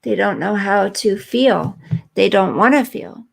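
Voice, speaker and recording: A woman's voice: mid-range voice, measured pace, creaky. A woman hosting a live stream, chatting earnestly and emotionally with viewers and reading their comments.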